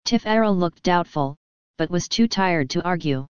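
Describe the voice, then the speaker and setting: A woman's voice: lowish voice, expressive, normal speed, smooth, no room sound, dull audio. A woman reading a storybook aloud in scripted narration, lightly voicing the characters. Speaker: audiobook narrator.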